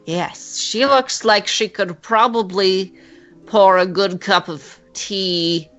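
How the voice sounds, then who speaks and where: A woman's voice: mid-range voice, fairly even intonation, takes it slowly, a bit bright, faint music behind. A woman voicing a very drunk male fae reveler who rambles and gets flustered. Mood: tipsy.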